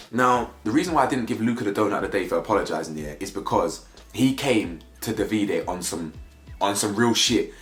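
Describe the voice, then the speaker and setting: A young man gives a casual, slangy review of a reality show, firing off rhetorical questions. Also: mid-range voice. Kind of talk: casual commentary vlog. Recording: echoey room with faint music.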